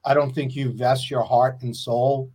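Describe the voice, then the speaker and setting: A man's voice: medium pitch, flat delivery, a little slow, a little mellow. A middle-aged man with an everyday mid-range voice talks loosely about making music. He rambles, hedges and trails off, often laughing at himself. It sounds like an easy chat among friends. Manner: rambling, self-deprecating, trails off. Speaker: independent musician. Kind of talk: casual podcast chat.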